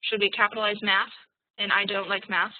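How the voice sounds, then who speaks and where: A woman teaching an online English class, spelling out example sentences slowly and deliberately. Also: mid-range voice, flat delivery, dry recording. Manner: slow, deliberate dictation of examples. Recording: tinny, dry call audio.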